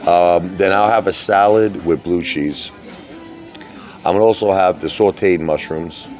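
A man's voice: sits low, fairly even intonation, a little slow, a little mellow, soft background music. A man chatting casually to camera while ordering food at a restaurant table, rambling and restarting his sentences.

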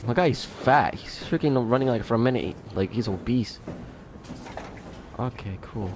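A man narrates his own horror playthrough, yelping, swearing and talking back to the screen. His voice swings wildly between high and low. A steady noise sits behind him. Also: a little slow. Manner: jumpy, loud, swears, talks to the game. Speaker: gaming video host. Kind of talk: let's play horror game commentary.

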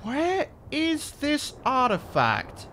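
High bright-voiced jittery gamer. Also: male voice, huge pitch swings, very slow, slight background noise. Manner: jittery, exclaims and repeats himself when scared. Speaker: gaming channel host. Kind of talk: let's play commentary.

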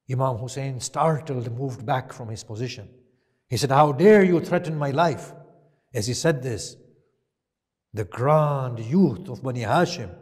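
A man preaching a Muharram sermon, retelling events with impassioned swings from loud emphasis to hushed quiet. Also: mid-range voice. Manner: impassioned, rising to loud emphasis then dropping to hushed tones. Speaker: shaykh giving a Muharram lecture. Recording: long hall reverb.

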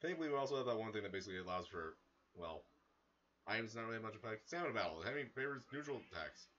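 A man giving casual, excitable commentary as he plays a video game, breaking into sudden loud outbursts. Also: lowish voice, racing, highs cut off, slight background noise. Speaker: gaming streamer. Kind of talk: casual let's-play commentary.

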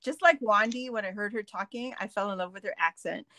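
A woman's voice: medium pitch, a little fast. A woman with a New York Puerto Rican accent, chatting and laughing a lot while co-hosting a live craft stream. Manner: laughs often, animated and teasing. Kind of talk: casual chat.

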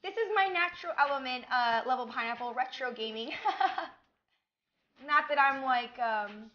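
A woman's voice: high voice, lively intonation, measured pace, highs cut off. A young woman hosting a live game stream, gushing and breathless as she thanks viewers. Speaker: livestream host. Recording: game music playing behind. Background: game music.

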